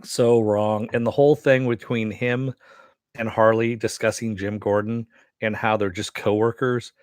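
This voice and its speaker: A man's voice: on the low side, level tone, unhurried, a little mellow, clean tone, dry recording, clean studio sound. A man giving a casual, rambling episode review, laughing often and swearing.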